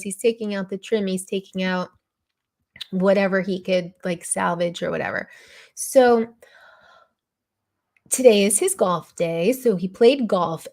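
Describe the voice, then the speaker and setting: A woman hosting a live stream, telling a rambling story with many fillers and throat clearing, tearful and upset. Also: medium pitch.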